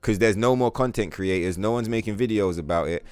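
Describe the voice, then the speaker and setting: A man streaming a game and chatting casually, rambling and animated, swearing freely and using slang. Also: lowish voice, brisk, clean tone, no echo. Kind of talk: casual livestream chat while gaming.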